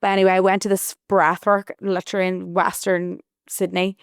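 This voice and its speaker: A woman's voice: fairly low pitch, level tone, fairly quick, clear, resonant tone, dry recording, studio quality. A young woman hosting a podcast, telling a personal story in a chatty, rambling way full of restarts. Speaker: podcast host. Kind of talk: casual storytelling monologue.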